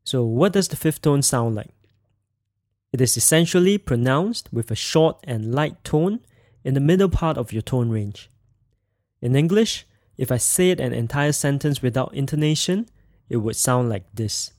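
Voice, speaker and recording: A man teaching a podcast language lesson, speaking slowly and clearly as he demonstrates tones. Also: mid-range voice, animated, a little mellow, dry recording, studio quality.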